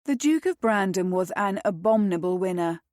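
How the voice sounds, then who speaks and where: A woman reading a romance novel aloud in measured, even scripted narration. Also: mid-range voice, no echo, clean studio sound. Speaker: audiobook narrator.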